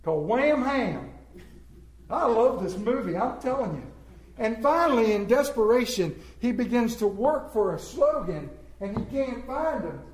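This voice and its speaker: A man telling comic stories to a live audience, animated and playful with emphatic swings. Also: very high voice, a little slow, a little hiss or hum. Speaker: speaker entertaining an audience. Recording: roomy echo.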